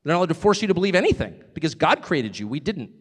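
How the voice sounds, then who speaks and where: A man's voice: on the high side, big pitch swings, racing, husky. Male speaker, live speech, emphatic and wry, long hall reverb. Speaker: speaker at a public event.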